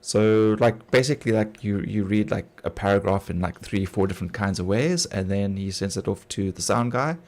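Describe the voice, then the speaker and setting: A man's voice: lowish voice, normal speed, hardly any pauses, darkish tone. A middle-aged man from South Africa with a South African accent, chatting casually on a game stream, rambling with lots of fillers and laughing often. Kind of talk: casual gaming chat.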